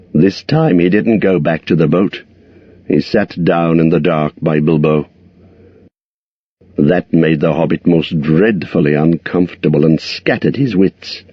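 A man narrating a storybook in a measured, expressive reading. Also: low-pitched, breathy edge, no echo, dull audio. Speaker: audiobook narrator.

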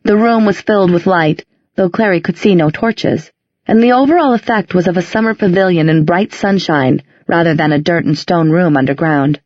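Low-voiced woman reading a fantasy novel. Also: no room sound, lo-fi sound. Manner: measured, descriptive storytelling. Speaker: audiobook narrator. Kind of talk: scripted narration.

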